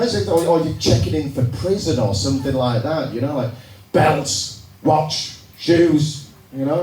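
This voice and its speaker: A Northern English comedian from Yorkshire works the room with chatty, sardonic crowd work. His voice sits slightly high and comes from a distance, with a roomy echo and noise in the background. It sounds like a live stand-up comedy recording. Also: darkish tone. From England. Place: comedy club stage. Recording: echoey room, recorded from far off, noisy. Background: audience laughter.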